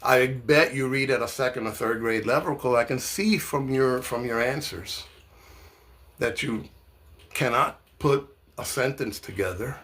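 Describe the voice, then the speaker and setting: A man from New York delivering an impassioned, profane political rant. He swings between loud outbursts and low, slow asides. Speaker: political commentator.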